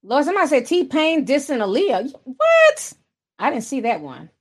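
A woman hosting a livestream, chatting casually about celebrity gossip and reading viewer comments in a sassy, animated way. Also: sits high, normal speed. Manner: sassy, animated, chatty with mocking voiced quotes. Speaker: livestream host reading super chats.

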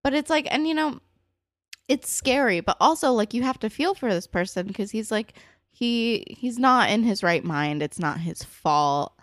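A woman co-hosting a podcast, chatting casually as she recaps a TV episode, expressive and full of "like" fillers. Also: on the high side, moderate pace, no room sound, studio quality. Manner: expressive, swings between bright emphasis and soft asides; frequent "like" fillers. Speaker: podcast co-host.

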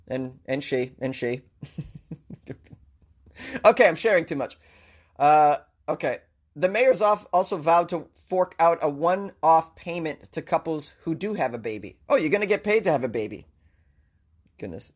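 A man joking his way through a news story, rambling with self-deprecating asides. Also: on the high side. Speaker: comedic news commentator. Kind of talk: comedic commentary on a news story.

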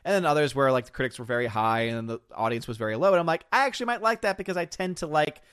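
A man's voice: a little high, expressive, very fast, a bit bright, smooth, no echo, clean studio sound. A man hosting a casual podcast, rambling about films, laughing often and acting out quotes. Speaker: podcast host reading chat. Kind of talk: casual chat.

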